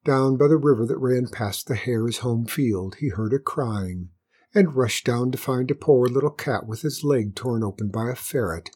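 A woman narrating a children's story with gentle, wry asides. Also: extremely low pitch, moderate pace, husky.

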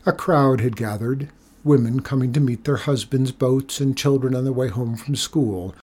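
A man reading a children's storybook aloud in a steady, measured way. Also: medium pitch, slightly rough. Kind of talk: storybook read-aloud narration.

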